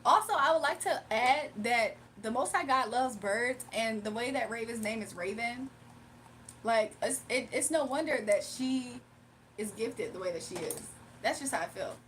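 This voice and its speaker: A woman's voice: fairly high pitch, animated, normal speed, fairly bright tone, far from the mic, a little hiss or hum. Playful woman chatting on a livestream. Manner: playful, laughing, talks to chat. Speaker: livestream host. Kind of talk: casual livestream chat.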